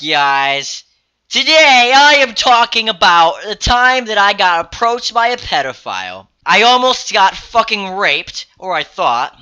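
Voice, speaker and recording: Very animated yet a little slow, this young vlogger's high voice comes across sharp and clean. He wanders through a story casually, swearing liberally and stopping to correct himself as he goes.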